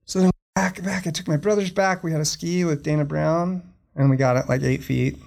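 A man who surfs and makes films rambles loosely as a podcast guest, full of fillers and restarts as he searches for words. His voice sits on the high side with fairly even intonation, a little mellow and creaky, and he talks fairly quickly in this casual podcast conversation.

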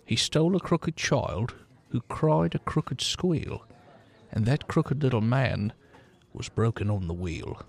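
A man's voice: medium pitch, expressive, slow pace, vocal fry, voice pushed down, exaggerated voice. A man voicing a gossipy, drunk village man who rambles and drops into conspiratorial whispers. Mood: ominous.

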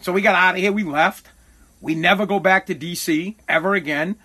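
A middle-aged man from Massachusetts hosts a podcast and tells a personal story, stumbling, correcting himself and swearing as he goes. His voice sits high and has a bright, cutting edge. Under it all he sounds weighed down by regret. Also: brisk, slightly rough. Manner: rambling, profane, self-correcting; heavy with regret.

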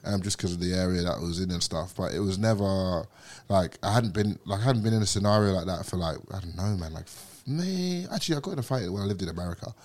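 A man's voice: low voice, quick pace, darkish tone. A young man from England, a podcast guest, telling a story in casual chat, swearing a lot and acting out quotes.

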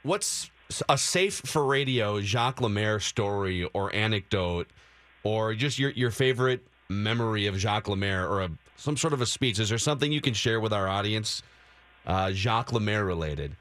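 A man's voice: on the low side, animated, normal speed, a bit bright. A male sports radio host talking in an upbeat, chatty way.

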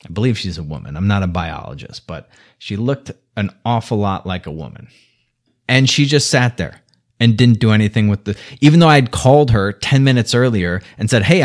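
A man venting in a heavy-swearing, sarcastic personal rant. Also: fairly low pitch.

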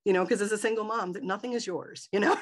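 A woman's voice: medium pitch, fairly even intonation, fast. A woman guest in an interview, telling a personal story with animation and acting out the dialogue in a raised voice.

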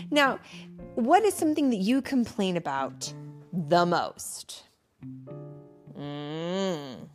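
A woman reading a bedtime story aloud in an expressive, playful way, then chatting with her child as a parent. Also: fairly low pitch, drawn-out words, gravelly, long pauses, faint music behind.

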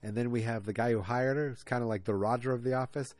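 This podcast host talks fast in a slightly mellow mid-range voice with fairly even intonation, and the recording has no echo. He recaps an episode in a loose, rambling way, joking, adding asides, and breaking off his own sentences.

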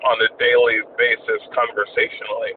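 A man's voice: medium pitch, little pitch movement, fairly quick, narrow, tinny audio, noisy background. A man hosting a casual podcast chat from his car, teasing and contrarian. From Nigeria. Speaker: podcast host.

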